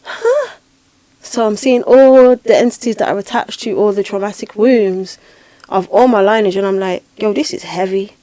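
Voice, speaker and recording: A woman hosting a podcast, telling a spiritual experience in a lively, dramatic way with repeated phrases. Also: medium pitch, normal speed, no echo. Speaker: podcast host and spiritual healer. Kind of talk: casual podcast storytelling.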